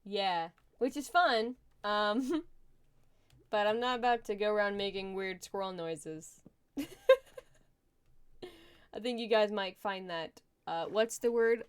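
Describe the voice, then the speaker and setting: A woman's voice: medium pitch, slow, pauses often, smooth. A young adult woman chatting casually on a live gaming stream, laughing often and thinking aloud while she plays.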